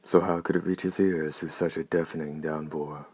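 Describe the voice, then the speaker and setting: A man reads an audiobook in a steady, measured, unhurried manner. His voice is extremely deep and keeps a flat, even pitch. The recording is close and dry. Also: slightly rough, no echo. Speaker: narrator. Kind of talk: audiobook narration.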